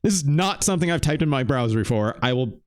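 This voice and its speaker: A man in his thirties streams a retro game live, chatting loosely and animatedly with viewers and swearing casually. He speaks fast with a medium-pitched voice.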